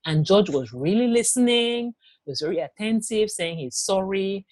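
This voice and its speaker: A woman guest and author telling her own story in an interview, animated, often acting out what others said. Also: mid-range voice, moderate pace, no echo, studio quality. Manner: animated, acts out quoted speech.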